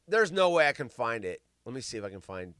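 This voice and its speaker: A man hosting a loose talk show, his voice bright and bouncing all over the place as he reads stories aloud. He rambles, cracks jokes and trips over words. The sound is close and dry, with no room echo. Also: medium pitch, sing-song, fast talker. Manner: rambling, joking, stumbling over words while reading. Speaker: show host. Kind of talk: casual chat reading news stories aloud.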